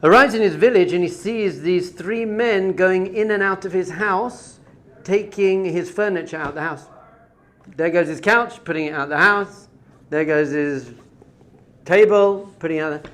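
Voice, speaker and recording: Male rabbi, high voice, lively storytelling, rhetorical questions. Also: moderate pace. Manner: animated, conversational, rhetorical questions. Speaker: rabbi teaching. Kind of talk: Torah class with storytelling.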